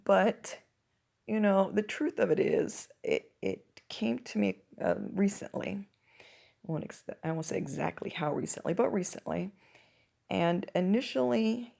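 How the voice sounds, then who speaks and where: A woman hosting her own show, speaking in a reflective personal monologue, her voice croaky and her thoughts coming in halting restarts. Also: lowish voice, a little mellow. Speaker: podcast host.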